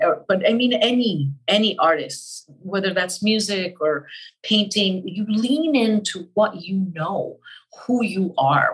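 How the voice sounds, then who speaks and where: Husky-voiced Cuban-born actress, emphatic. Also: female voice, medium pitch, rough recording. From Cuba. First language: Spanish. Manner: animated, emphatic, repeats key phrases. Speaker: actress guest. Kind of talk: interview conversation.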